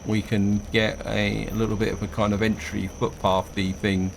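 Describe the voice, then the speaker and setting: A gaming video host casually comments on his own gameplay, relaxed and thinking aloud as he plays. His voice is lowish and creaky, at a moderate pace, with background noise present.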